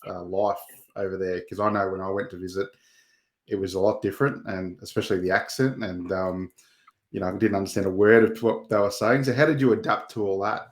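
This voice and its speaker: A man co-hosts a podcast and asks his questions in a rambling, easygoing way. His voice is very deep. It carries a roomy echo around it. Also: steady tone, brisk. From Australia. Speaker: podcast co-host. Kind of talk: casual interview chat.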